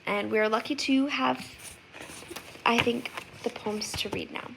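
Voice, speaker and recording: Young woman with a gravelly edge. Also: on the high side, fairly even intonation, measured pace, heavy background noise. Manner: earnest, reflective, with occasional fillers. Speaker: student presenter. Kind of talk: class oral presentation with poem reading.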